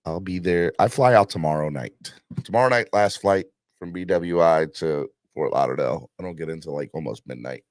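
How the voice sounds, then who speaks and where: A man's voice: low-pitched, brisk, no echo, studio quality. A man hosting a casual live-stream sports chat, hyped up, rambling with fillers and pushing viewers for likes and donations. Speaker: livestream host.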